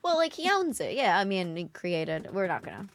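A woman comedian hosting a casual podcast chat, telling joking, animated stories with acted-out quotes. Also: medium pitch, moderate pace. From northern United States. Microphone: studio microphone.

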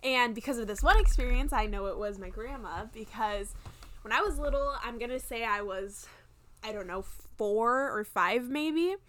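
A young woman with a fairly high, bright voice co-hosting a relaxed podcast. She talks softly and casually, telling a personal story. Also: normal speed. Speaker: podcast co-host.

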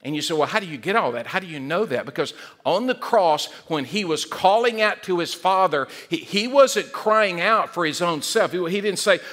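Animated pastor with a bright voice. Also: male voice, sits high, normal speed, hardly any pauses. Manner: animated, repeats words, acts out quoted voices. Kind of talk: sermon.

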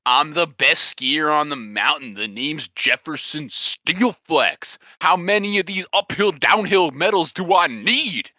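A vain, macho middle-aged pro skier, played by a man with meathead bravado and a sharp, bright, tense tone. The sound is dry and a bit dull. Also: fairly high pitch, animated, measured pace, few pauses, dry recording. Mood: bragging. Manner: boastful meathead bravado, slangy. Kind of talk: improv comedy character.

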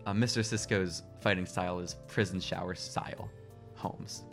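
A man co-hosting a wrestling podcast, chatting casually with quick, laughing bursts. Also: deep voice, fairly even intonation, a bit bright, faint music behind. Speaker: podcast co-host.

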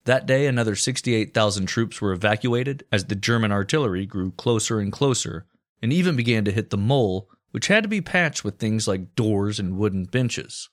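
A man's voice: lowish voice, animated, normal speed. A man co-hosting a comedy podcast, narrating war history in a casual, profane, joking way. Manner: storytelling with crude jokes and profanity.

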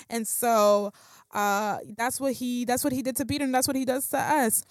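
A woman's voice: on the high side, steady tone, normal speed, dry recording, studio quality. A woman giving a casual, conversational Bible talk, slangy and full of fillers and restarts. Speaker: Bible teacher.

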